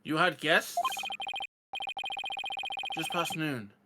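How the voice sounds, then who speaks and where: A man's voice: a little high, drawn-out words, very noisy. A man hosting a let's play, reading game dialogue with jokes and casual delivery.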